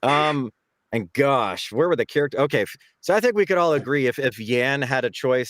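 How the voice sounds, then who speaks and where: A man's voice: mid-range voice, animated, a little fast, fairly bright tone, no echo. Rambling man voice actor, dry sound. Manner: rambling, searches for words with many restarts. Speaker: voice actor on a panel. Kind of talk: convention panel Q&A.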